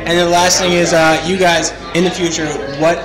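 A man interviewing a musician in a playful, casual way, firing off quick questions. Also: high-pitched, completely flat delivery, reverberant, low-quality recording. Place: outdoor music festival. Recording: crowd noise and music behind.

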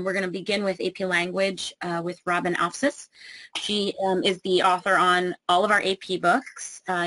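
A woman's voice: on the low side, fairly bright tone, poor audio. A woman hosting a webinar and introducing the authors, with many ums as she reads through their biographies. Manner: frequent ums, reading introductions. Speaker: webinar host.

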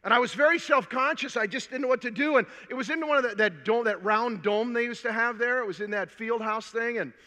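An older man from Minnesota giving a conference talk, telling a personal story in an animated, humorous way before a large audience. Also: very high voice, a little fast, few pauses. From Minnesota, USA. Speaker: conference speaker. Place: large hall. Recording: long hall reverb.

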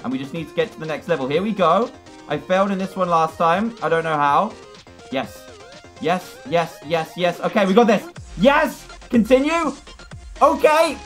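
Excitable man with animated pitch. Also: moderate pace, soft background music. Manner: excitable, exclaiming and laughing at the game. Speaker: gaming YouTuber. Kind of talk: let's-play gaming commentary.

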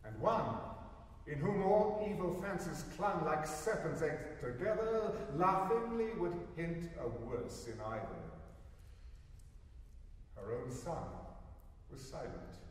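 A man in his sixties narrating a poem with an expressive, theatrical delivery, recorded live in a concert hall from afar. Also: fairly high pitch, takes it slowly, far from the mic. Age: 60s. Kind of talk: dramatic poetry recitation.

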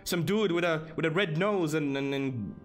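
A young man streaming a game, casual commentary full of swearing, mocking asides and sudden shouts of disbelief. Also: a little high, normal speed, soft background music.

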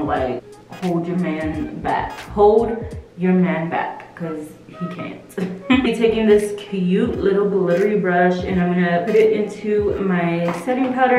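A woman's voice: on the low side, measured pace, a little mellow. A young woman with a put-on British accent, chatting playfully and rambling through a makeup tutorial at home, picked up by a camera mic. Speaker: makeup vlogger. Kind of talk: casual makeup tutorial chat. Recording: very echoey room with faint music.

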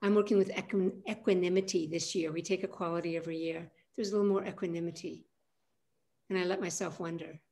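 An older woman, an aikido teacher, guiding a calm centering practice on a video call with a soft, unhurried manner. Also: fairly low pitch. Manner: calm, soft-spoken guidance with frequent pauses.

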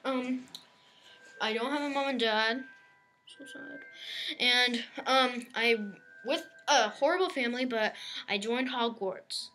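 Girl playing a shy little orphan wizard boy, slow and umming, bright high voice. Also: faint music behind, rough recording. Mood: sad. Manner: slow and hesitant with ums.

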